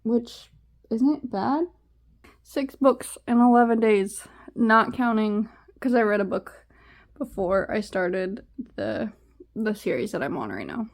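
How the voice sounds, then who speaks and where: Young woman vlogger, slightly high voice, tired and rambling, casual chat. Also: expressive, slow pace, long pauses. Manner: rambling, trailing off with fillers. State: low and tired.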